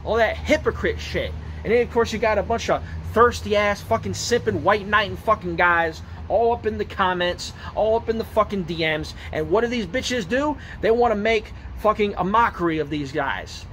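A high-pitched man delivers a profane, aggressive rant, circling back to the same points and stumbling as he goes. Faint background noise sits under his voice. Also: lively intonation, normal speed, hardly any pauses, fairly bright tone. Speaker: ranting video poster. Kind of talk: angry rant to camera.

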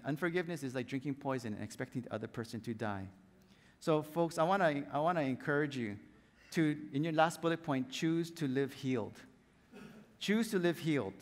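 A man preaches to his congregation in a high, lively voice that swings widely up and down. He acts out his stories with little sound effects. His voice rings with the long reverb of a large church hall. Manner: animated storyteller, acts out scenes and sound effects. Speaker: pastor.

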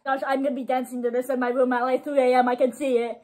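A woman's voice: high voice, little pitch movement, quick pace, a little mellow. A young woman filming a music reaction vlog, gushing and squealing, repeating "oh my god" over and over.

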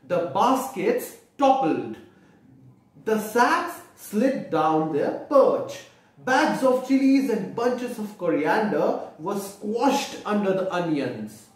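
A man reads a children's picture book slowly, stopping to point out the pictures and quiz the young listeners. His voice is high and swoops up and down a lot. He sits away from the mic in a room full of echo. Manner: explains the pictures with questions to children. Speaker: storyteller for children. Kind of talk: children's read-aloud. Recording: echoey room, distant mic.

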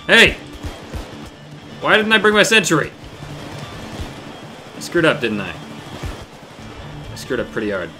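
A man giving solo gameplay commentary, shouting and swearing at the game and cracking sarcastic jokes, with faint game music behind. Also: a little high, big pitch swings, a little slow, pauses often. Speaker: let's play gamer.

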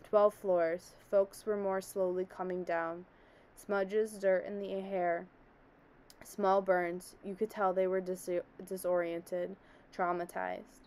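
A woman's voice: mid-range voice, flat delivery, takes it slowly, darkish tone, close to an everyday voice, low-quality recording. A woman reading a story aloud, telling it as a man who survived a disaster, in an earnest, haunted way. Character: middle-aged man, former office worker, shaken survivor.

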